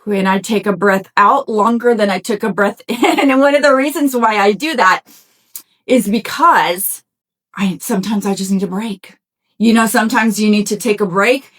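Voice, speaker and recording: A woman's voice: mid-range voice, normal speed, fairly bright tone. A middle-aged woman hosting a motivational self-help talk, speaking to listeners in an encouraging, conversational way with a folksy "y'all" and "right?". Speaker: podcast host.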